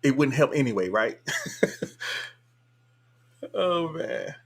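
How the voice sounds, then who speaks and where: A relaxed man chats his way through viewer comments on a morning live stream. He talks in a colloquial, easygoing way and chuckles often. His voice sits at an ordinary middle pitch. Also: takes it slowly, husky. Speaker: livestream host. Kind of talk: casual live-stream chat reading comments.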